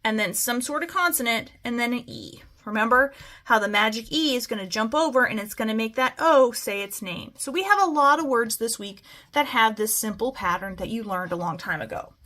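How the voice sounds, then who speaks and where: A woman's voice: a little high, lively intonation, bright, forceful tone. A woman teaching a phonics lesson to children, stretching out words as she models them. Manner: slow, stretched-out word modeling.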